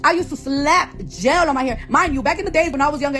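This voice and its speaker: Fast, high-voiced woman in a profane rant. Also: bright, forceful tone, soft background music. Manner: profane, confrontational, repeats phrases over and over. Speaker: founder of a hair product. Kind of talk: heated off-the-cuff rant.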